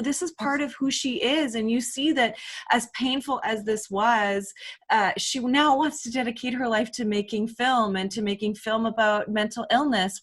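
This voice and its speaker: A woman hosting a parenting podcast, talking in a warm, affirming, effusive way with her guest. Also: on the high side. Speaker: podcast host. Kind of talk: interview conversation.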